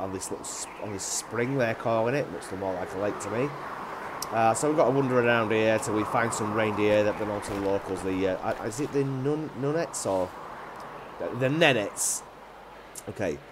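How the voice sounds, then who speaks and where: Low-voiced man narrating gameplay. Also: noisy background. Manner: rambling, hesitant, lots of ums and uhs. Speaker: gaming channel host. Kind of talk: casual gameplay commentary.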